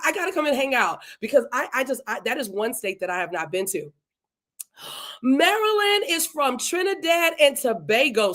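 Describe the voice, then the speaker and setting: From her home in Delaware, a woman hosts a live-streamed podcast, chatting warmly and effusively with her viewers and greeting them by name. Her talk is loose and casual, and her voice sits a little on the high side.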